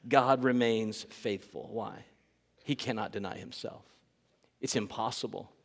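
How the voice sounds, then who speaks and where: A man's voice: on the low side, big-room sound. A man preaching a sermon as pastor, earnest and emphatic, repeating key phrases for weight.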